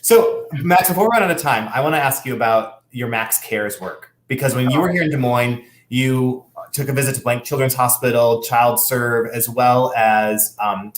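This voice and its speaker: A man's voice: medium pitch, moderate pace, hardly any pauses. A man hosts the conversation, asking questions and giving brief encouraging replies. He sounds like he is in an echoey room on a video call. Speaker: interviewer, programming director. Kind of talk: casual interview.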